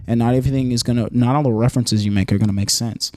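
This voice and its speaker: A man's voice: medium pitch, steady tone, rapid-fire, a little mellow, no echo. A man who is a comedian, a guest on a podcast, talking in a laid-back, reflective way and often restarting his sentences. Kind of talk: casual podcast chat.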